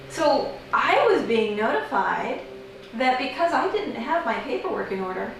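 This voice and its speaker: An American woman doing an observational comedy monologue, wry and deadpan, with sudden high-pitched incredulous outbursts. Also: moderate pace, a little hiss or hum. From United States. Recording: very echoey room, mic at a distance.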